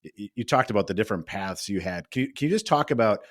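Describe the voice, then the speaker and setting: A man's voice: lowish voice, animated, fast, no echo, clean studio sound. A man hosting a podcast, asking conversational questions loosely and with fillers. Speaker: podcast host. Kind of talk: interview questions.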